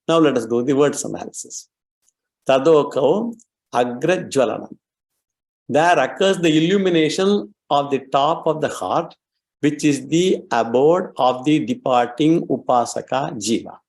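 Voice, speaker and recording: A man giving a religious lecture, explaining Sanskrit terms slowly and carefully. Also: medium pitch, darkish tone. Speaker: scripture teacher.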